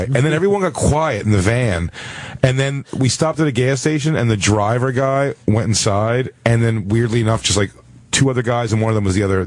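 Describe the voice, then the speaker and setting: A man's voice: on the low side, dry recording. A man co-hosting a talk radio show, telling a rambling, crude story in casual banter.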